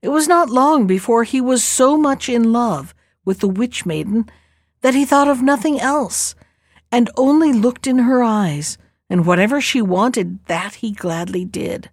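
Female storyteller, calm and measured, fairly high voice, dry close recording. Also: no room sound. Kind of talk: fairy tale narration.

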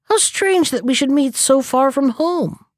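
A woman's voice: high-pitched, animated, measured pace, dry recording, studio quality, pitched above the performer's own voice. A woman voicing a timid little male hedgehog in a storybook reading, speaking in a fussy, nervous way. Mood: eager.

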